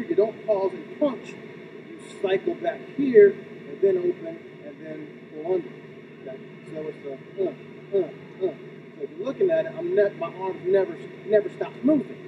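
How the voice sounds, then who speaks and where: Middle-aged hurdle coach guy, high lively voice, counts one two three, muffled and far from the mic. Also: background noise. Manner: counts beats aloud, punctuates with "okay?". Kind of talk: demonstration lesson.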